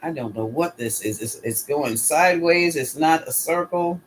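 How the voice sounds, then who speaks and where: A man's voice: on the high side, moderate pace, slight background noise. A man giving a casual solo tarot reading, musing aloud and putting questions to his pendulum. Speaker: tarot reader.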